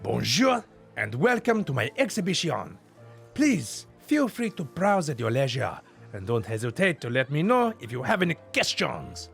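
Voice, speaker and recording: Pompous game curator with a mock-French accent, voiced by a man, theatrical and gravelly. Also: a little high, big pitch swings, normal speed, faint music behind. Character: pompous French-style male exhibition curator.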